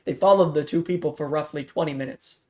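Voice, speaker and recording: A man reading a fan-written zombie story aloud in a plain, quick manner, jumping louder for dialogue. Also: a little high. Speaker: story reader.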